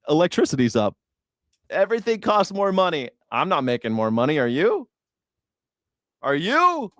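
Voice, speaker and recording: A man hosts a casual news reaction stream, swearing freely and mocking with heavy sarcasm. His voice sits somewhat high. The sound is close and dry, with no room in it. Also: very animated, normal speed, fairly bright tone, no echo. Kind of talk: casual political commentary.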